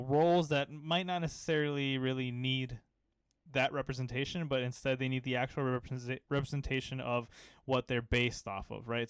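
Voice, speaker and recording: A man's voice: mid-range voice, clean tone, no echo. A young man co-hosting a casual anime podcast, enthusiastic and rambling, with lots of fillers. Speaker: podcast co-host.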